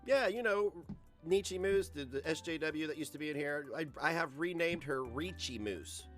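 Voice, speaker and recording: A man's voice: fairly high pitch, lively intonation, moderate pace, a bit bright, faint music behind. A man hosting a livestream in a casual, rambling rant, profane and self-mocking. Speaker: livestream host.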